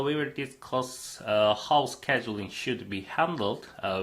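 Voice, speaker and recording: A man's voice: fairly low pitch, a bit bright. A man lecturing a university class on computing, explaining step by step with frequent "uh" fillers.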